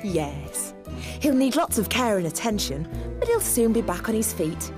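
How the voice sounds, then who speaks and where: A woman voicing a calm, caring cartoon vet who talks soothingly to an injured dog, over loud music. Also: medium pitch, moderate pace, close to an everyday voice. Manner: soothing, reassuring.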